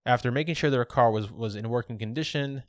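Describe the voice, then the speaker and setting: A man co-hosting a podcast, casually telling a local legend with relaxed fillers and restarts. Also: mid-range voice, a little fast, dry recording, clean studio sound. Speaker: podcast co-host.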